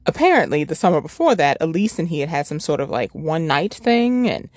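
A woman's voice: low-pitched, sing-song, fairly quick, a little mellow, dry recording, studio quality. Chatty woman rambling through a book review. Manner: chatty and rambling, with frequent restarts and rhetorical "right?". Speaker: book review podcast host. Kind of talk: casual book review chat.

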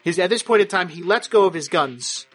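A man's voice: high voice, animated, fairly quick, a bit bright, breathy edge, soft background music. A man narrating a tabletop game as game master, in a crude, vivid way.

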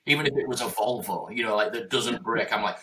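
A man's voice: on the low side, fast talker, sharp tone, a little hiss or hum. A man in his forties speaking in a passionate, emphatic and heavily profane conversational way as a guest. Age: 40s.

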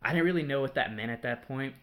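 Young man telling his story haltingly. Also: mid-range voice, fairly bright tone. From Mexico. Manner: halting storytelling with many fillers and restarts. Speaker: interview guest. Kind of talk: casual personal testimony.

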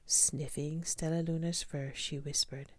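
Woman, storybook reading, low husky voice, slow, gentle, half-whispered, dry close sound. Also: flat delivery, no room sound. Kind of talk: storybook read-aloud, partly whispered.

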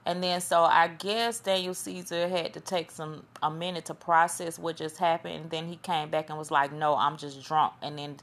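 A woman's voice: deep voice, level tone, normal speed, hardly any pauses, fairly bright tone. A woman hosting a podcast in a chatty, rambling monologue, often losing her train of thought. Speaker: podcast host. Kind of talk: casual monologue commentary.

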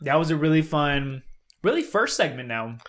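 A young man co-hosting a podcast in casual chat, with soft R sounds, laughing often and rambling. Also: a little high, very animated, normal speed. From South Carolina. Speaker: co-host.

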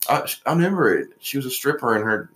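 A man's voice: medium pitch, big pitch swings, quick pace, a bit bright. A man co-hosting a casual chat, rambling and swearing freely as he tells a story. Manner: rambling, profane, lots of restarts. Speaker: podcast co-host. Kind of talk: casual pop-culture chat.

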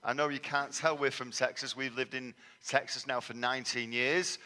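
Bright Mancunian preacher in a reverberant hall. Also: male voice, mid-range voice, steady tone, moderate pace. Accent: Manchester English. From England, raised in Manchester. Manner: conversational, self-deprecating storyteller. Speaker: guest preacher. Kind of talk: sermon testimony.

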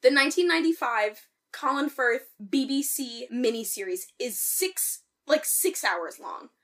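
A woman co-hosting a casual podcast chat, animated and swearing freely, with loud outbursts. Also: high voice, unhurried. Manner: animated, swears a lot, bursts into loud outcries. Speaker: podcast co-host.

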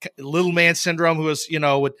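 Bright-voiced man telling animated stories. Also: on the high side, fast. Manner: animated storyteller, acts out quoted voices. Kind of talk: casual chat.

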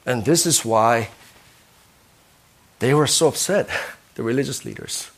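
A man's voice: medium pitch, unhurried, gravelly. A man preaching a sermon as a pastor, earnest, who keeps asking his listeners questions and ending points with "right?".

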